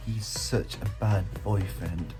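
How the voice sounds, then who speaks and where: A man's voice: on the low side, fairly even intonation, slow, dark tone, low-quality recording. A middle-aged man vlogging casually while unwell and weak, chatty and sorry for himself. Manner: chatty, self-pitying. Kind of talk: casual vlog chat. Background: background music.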